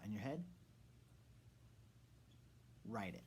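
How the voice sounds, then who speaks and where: A man's voice: lowish voice, animated, slow pace, a little mellow, a little hiss or hum. A man who is a music teacher, giving a rhythm lesson to children in an encouraging way and chanting rhythm syllables.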